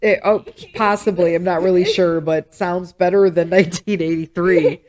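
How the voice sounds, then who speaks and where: A woman's voice: fairly low pitch, fairly even intonation, moderate pace, a crowd in the background. A middle-aged woman hosting a podcast, chatting casually and teasing with a laugh. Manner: warm, laughing, motherly teasing. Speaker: podcast host. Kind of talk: casual chat.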